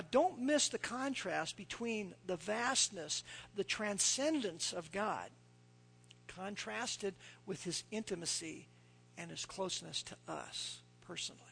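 A man preaching a sermon, telling folksy stories and dropping to a hushed near-whisper when he quotes scripture. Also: sits high, gravelly, husky. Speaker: pastor.

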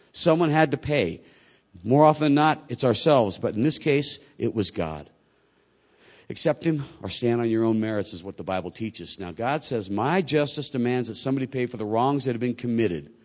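A male pastor preaching a sermon in a conversational way, swinging from hushed to loud, and quoting people in lively voices. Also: fairly low pitch.

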